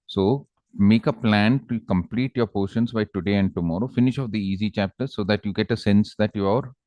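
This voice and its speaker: A low-pitched man with an Indian English accent who teaches exam prep in a calm, coaxing manner. The sound is dry and a little dull, as if from a basic lo-fi recording. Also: a little fast, dry recording. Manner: calm, coaxing, acts out characters in anecdotes. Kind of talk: exam-prep lecture with storytelling.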